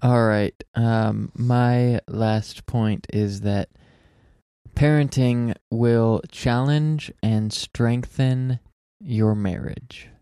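A man's voice: mid-range voice, steady tone, very slow, mellow, clear, resonant tone, no echo, clean studio sound. A man co-hosting a podcast, talking in an earnest, reflective way with light joking. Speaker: podcast co-host. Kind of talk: casual chat.

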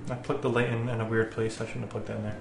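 A man's voice: lowish voice, level tone, rapid-fire, gravelly. A man with a Scottish accent hosting a casual gaming talk show, playful and apologetic. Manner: playful showman intro. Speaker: host. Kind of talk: casual chat. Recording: echoey room.

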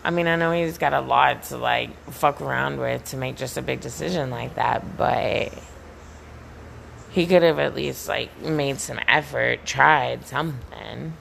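A woman's voice: very deep voice, a little slow, creaky, fairly bright tone, a little hiss or hum. A young woman telling a profane, emphatic story in a casual vlog rant, packed with "like" and swearing. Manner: profane, emphatic, heavy use of "like".

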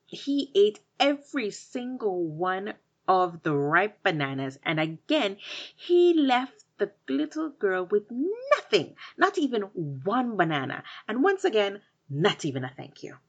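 A woman hosting a storytelling show, narrating a folk tale in an expressive, animated way. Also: medium pitch, a little slow, husky, muffled recording.

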